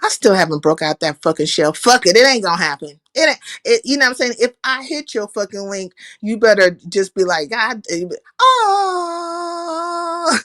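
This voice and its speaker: A woman's voice: medium pitch, lively intonation, fairly quick, few pauses, fairly bright tone, no room sound. A woman hosting a casual livestream, talking animatedly, cursing freely and greeting viewers by name. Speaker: livestream host.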